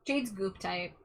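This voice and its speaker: A woman's voice: medium pitch, a little hiss or hum. A woman streamer chatting casually with her viewers, giggling often and reading their messages aloud. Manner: giggly, reads chat aloud. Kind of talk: casual live-stream chat.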